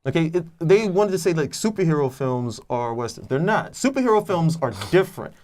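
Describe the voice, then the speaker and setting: Fast-talking rambling man. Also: fairly high pitch, very animated, darkish tone. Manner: long rambling explanations with many restarts. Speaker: movie review co-host. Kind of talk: casual film discussion.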